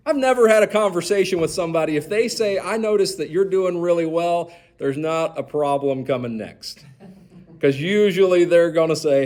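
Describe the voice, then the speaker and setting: A man leading a church Bible study, animated and asking the group questions. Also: on the high side, moderate pace. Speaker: pastor.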